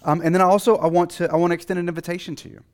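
A man's voice: high-pitched, level tone, rapid-fire, smooth. A man from Texas with a light Texan accent, a pastor giving a conversational sermon full of fillers and restarts.

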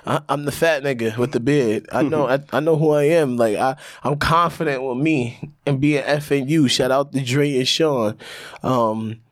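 A loud, animated man, co-hosting a casual podcast and coaching his friend. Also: mid-range voice, moderate pace, dry recording, clean studio sound. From Brooklyn, New York. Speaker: podcast co-host. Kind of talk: casual chat.

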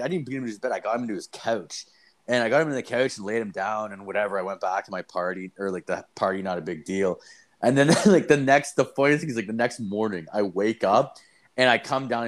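A man's voice: lowish voice, fast. A young man telling a story in casual, profane, rambling chat, full of fillers.

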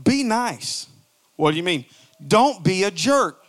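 High-voiced male pastor preaching with fire. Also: sing-song, takes it slowly. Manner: emphatic preaching, swinging between loud bursts and soft low asides; acts out quoted lines in mocking voices. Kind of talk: sermon.

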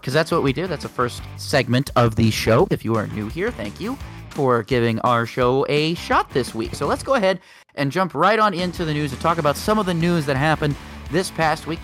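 A man's voice: on the high side, fairly bright tone. A man co-hosting a casual racing podcast, rambling through the news with joking asides. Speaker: podcast co-host.

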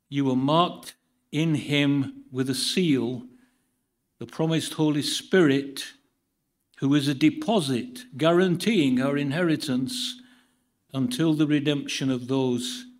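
A man from the United Kingdom preaching a sermon in a church, moving from a measured Bible reading into relaxed talk with dry humour. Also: fairly high pitch.

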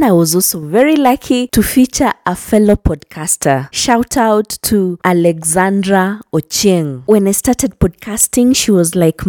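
A woman hosting a podcast, recapping past episodes in a chatty, animated way and laughing often. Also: mid-range voice, no room sound, studio quality. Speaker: podcast host.

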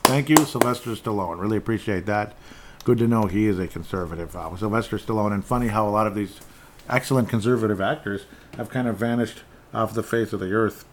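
A man's voice: lowish voice, brisk, slight background noise. A man hosting his own show, talking through news items in a rambling, sarcastic way with many restarts. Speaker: podcast host. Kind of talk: casual political commentary.

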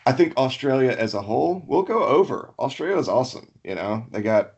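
A man's voice: medium pitch, sing-song, a little fast, a little mellow, husky, highs cut off. A man from Alabama, a podcast guest, chatting casually in a laid-back, rambling way and laughing easily. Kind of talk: casual chat.

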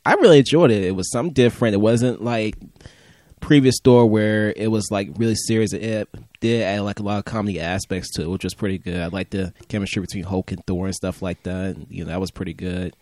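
A man's voice: fairly low pitch, a little fast, a little mellow, no echo. A man who is the guest and brother of the host, chatting casually, teasing and laughing often. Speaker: podcast guest, host's brother. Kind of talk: casual chat.

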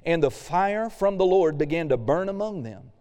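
A man's voice: a little high, lively intonation, normal speed, mellow. Man preaching in a reverberant hall. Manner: casual preaching with reading aloud and acted-out quotes. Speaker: pastor. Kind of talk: sermon.

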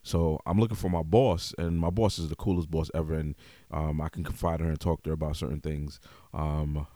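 A man hosting a podcast, talking openly in a relaxed way full of "yo" and "you know what I mean". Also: extremely low pitch, a little fast, dry recording. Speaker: podcast host. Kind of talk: casual podcast chat.

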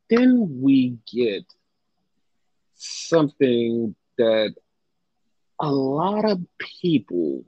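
A man's voice: mid-range voice, no echo. A young man co-hosting a casual podcast, talking animatedly, swearing often and mimicking fans in exaggerated voices. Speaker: podcast co-host. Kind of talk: casual wrestling podcast chat. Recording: dry, slightly dull podcast mic.

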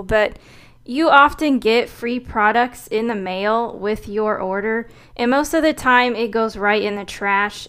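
A woman co-hosts a political podcast in a smooth, clear voice. She explains things calmly and matter-of-factly, with a mildly dry edge. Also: medium pitch. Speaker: podcast co-host. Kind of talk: casual political commentary.

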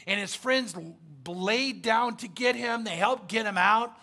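High, bright-voiced man preaching. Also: measured pace. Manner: storytelling, emphatic and conversational with fillers. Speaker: pastor. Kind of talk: sermon.

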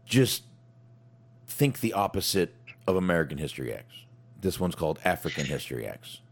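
Very deep-voiced man hosting a chat. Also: very animated, slightly rough. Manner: halting, restarts often, many fillers. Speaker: podcast host. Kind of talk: casual chat.

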